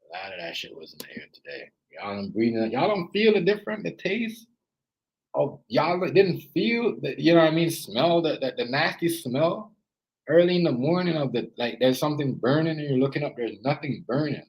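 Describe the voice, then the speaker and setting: A man's voice: a little high, lively intonation, moderate pace, husky, low-quality recording. A man with a Jamaican accent chatting casually on a live stream, rambling and repeating himself as he greets viewers.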